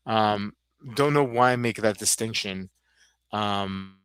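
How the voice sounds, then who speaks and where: A man from the Northeastern United States hosting a podcast, rambling in a halting way and reading out viewer comments. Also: lowish voice, a bit bright, smooth. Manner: rambling, halting, many restarts. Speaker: podcast host.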